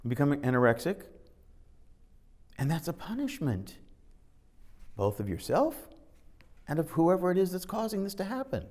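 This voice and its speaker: A man's voice: on the high side, very animated, normal speed, pauses often, a little mellow. A man giving an informal spiritual talk, telling stories and acting out the dialogue, sometimes reading scripture aloud. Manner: conversational storytelling, acting out dialogue. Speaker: spiritual teacher.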